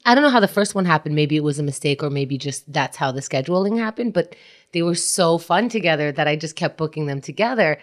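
A woman co-hosting a podcast in casual chat, animated and laughing a lot. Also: deep voice, fast talker. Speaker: podcast co-host and booker.

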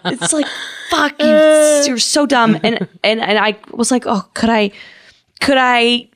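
A woman's voice: a little high, unhurried, fairly bright tone. A woman chatting on a podcast, telling a long story with lots of swearing. She slips into mocking impressions of the people in it and keeps a loose, conversational rhythm. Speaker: podcast co-host. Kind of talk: casual chat.

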